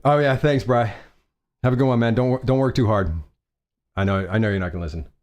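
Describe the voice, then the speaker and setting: A man's voice: medium pitch, fast, a little mellow. A man hosting a casual fashion live stream, chatty and rambling, often restarting and laughing at himself.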